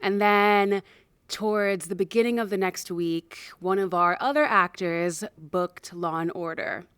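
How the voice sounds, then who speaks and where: A young actress and producer tells a chatty story about mishaps during a show's production. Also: female voice, mid-range voice, unhurried, fairly bright tone, clean tone, no room sound. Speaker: actor and producer. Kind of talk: casual anecdote to camera.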